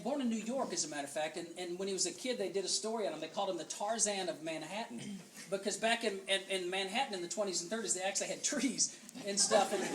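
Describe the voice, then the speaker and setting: A man's voice: high-pitched, a little hiss or hum. A man giving a humorous keynote speech at a banquet, telling folksy stories and joking at his own expense. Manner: folksy, joking, self-deprecating. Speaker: keynote speaker. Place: banquet hall with audience. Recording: roomy hall, far from mic, audible audience. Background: audience laughter.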